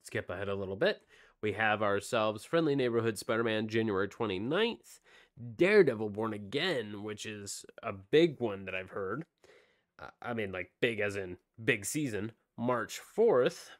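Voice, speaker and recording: A man's voice: fairly low pitch, expressive, moderate pace. A man co-hosting a casual podcast, rambling through release dates and snack news with lots of fillers. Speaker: podcast co-host. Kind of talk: casual chat.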